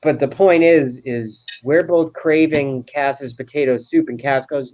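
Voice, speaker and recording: A man talks as a guest over a video call, looping through a story and tripping over his own restarts. His voice sits at an ordinary middle pitch. The audio comes through muffled and lo-fi. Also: steady tone, unhurried, few pauses, a little mellow. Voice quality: rambling, stammering restarts. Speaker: guest on a live stream. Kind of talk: casual chat.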